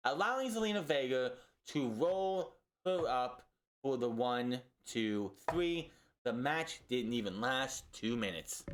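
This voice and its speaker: A man's voice: medium pitch, fairly bright tone. A man reviewing a wrestling show in a casual, exasperated, sarcastic rant full of restarts.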